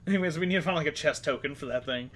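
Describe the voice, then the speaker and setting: A man's voice: on the high side, rapid-fire, a bit bright. A man chatting as a player in a casual tabletop role-play game, rambling with lots of fillers.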